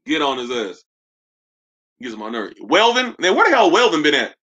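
Man, high and bright, livestream host doing loose comedic roast commentary. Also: huge pitch swings, moderate pace. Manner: trash-talking, joking, loose and laughing.

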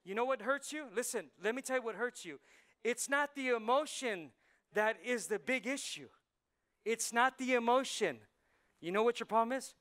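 A man preaching a conversational sermon as pastor, swinging from soft asides to loud punchlines. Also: very high-pitched, expressive, normal speed. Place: church sanctuary.

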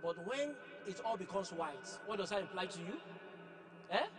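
In a noisy church hall with long echo, a male pastor preaches emphatically and questions someone giving a testimony, repeating words to drive his points home. His voice is high-pitched and expressive at normal speed, with loud music behind it.

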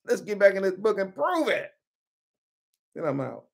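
A woman's voice: mid-range voice, sing-song, unhurried, creaky, pauses often. A woman teaching from the Bible in an informal sermon style, emphatic, repeating key words and calling on listeners by name.

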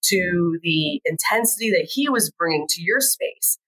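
A woman's voice: on the low side, measured pace, husky, poor audio. A woman educator as a podcast guest, chatting casually and telling stories animatedly. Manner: animated storytelling, acts out quoted voices. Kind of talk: casual conversation.

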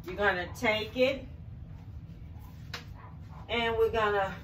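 A woman's voice: mid-range voice, slow, a bit bright, distant mic, soft background music. A middle-aged woman from the country, talking viewers through a recipe in her home kitchen in a homey, folksy way. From rural area. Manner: folksy, talks viewers through each step. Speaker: home cook. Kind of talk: casual cooking demonstration.

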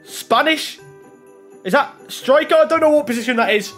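A young man giving casual pack-opening commentary, swinging from muttering to excited shouting. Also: extremely high pitch, moderate pace, soft background music. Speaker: gaming YouTuber. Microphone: desk microphone.

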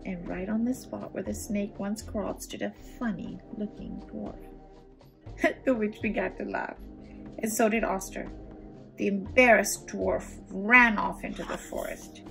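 A woman reading a children's storybook aloud, pausing for gentle asides to young listeners. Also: mid-range voice, fairly even intonation, creaky, soft background music. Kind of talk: children's read-aloud narration.

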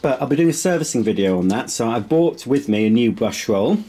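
A man's voice: mid-range voice, lively intonation, fairly quick, warm tone. A man giving a casual, rambling video tour of a house, chatting while he eats. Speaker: vlogger. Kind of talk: casual home tour vlog. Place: inside a house.

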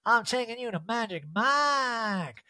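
A man's voice: extremely high pitch, animated, unhurried, pushed and bright, no room sound, pitched above the performer's own voice, full character voice. A man doing a haughty, brash glamour woman. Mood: drawling.

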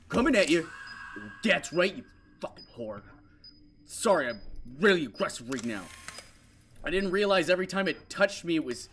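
Gaming host, male, higher-pitched, skittish horror commentary with frequent mutters and yelps. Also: fairly bright tone, a little hiss or hum. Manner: jumpy, shrieking when scared, muttering to himself. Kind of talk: horror game let's play commentary.

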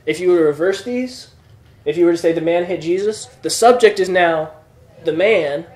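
A man's voice: high voice, moderate pace, darkish tone. A man teaching a classroom lesson, explaining patiently and checking that students follow. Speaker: Greek teacher. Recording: echoey room.

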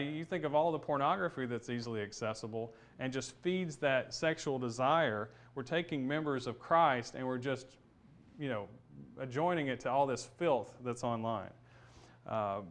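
Male Bible teacher, middle-aged, mid-pitched voice, relaxed explaining tone with restarts. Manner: explanatory, thinking aloud with restarts and fillers. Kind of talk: Bible study lesson.

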